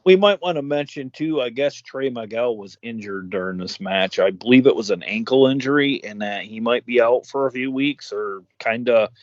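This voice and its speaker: A man co-hosting a podcast, talking casually in a halting way, full of "like" and "you know.". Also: mid-range voice, no room sound. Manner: halting, filler-heavy, lots of "like" and "you know". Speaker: podcast co-host. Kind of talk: casual review chat. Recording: dry, dull lo-fi sound.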